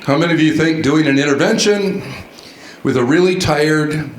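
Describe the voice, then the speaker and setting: Animated male speaker in an echoey hall. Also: fairly high pitch, normal speed. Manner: animated, quizzes the audience with questions. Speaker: conference speaker. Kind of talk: storytelling keynote talk. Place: large conference hall.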